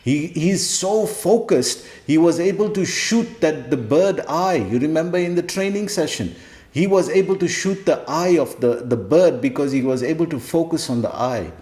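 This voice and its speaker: A man's voice: fairly high pitch, expressive, normal speed, a little mellow. A man giving a sermon to devotees, emphatic and repeating key phrases. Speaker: spiritual teacher. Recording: roomy echo.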